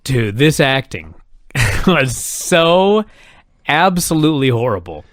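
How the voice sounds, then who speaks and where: A man's voice: medium pitch, very animated, takes it slowly, a bit bright, no echo, clean studio sound. A man co-hosting a podcast in casual chat, incredulous and exclaiming, full of rhetorical questions. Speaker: podcast co-host.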